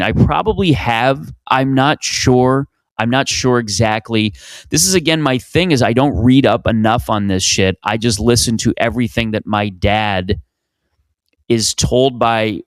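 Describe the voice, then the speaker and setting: A man's voice: medium pitch, animated, moderate pace, no echo. A man in his thirties from Canada, hosting a solo comedy podcast in a rambling, profane, self-mocking way. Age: 30s. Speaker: podcast host.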